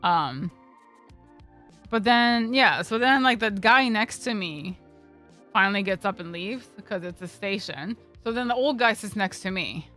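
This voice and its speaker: A woman's voice: mid-range voice, animated, a little slow, sharp tone, faint music behind. A young woman streamer telling a casual story, rambling with lots of fillers and swearing freely.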